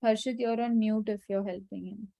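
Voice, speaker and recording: A woman teaching French in an online class, patient and instructive but gently firm with her students. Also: medium pitch, steady tone, normal speed, vocal fry. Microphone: video call.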